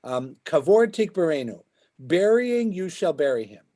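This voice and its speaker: This man, a rabbi leading a Talmud class on a video call, explains the text step by step and keeps asking his students "right?" to check in. He speaks a little slowly in a fairly high, sing-song, mellow voice.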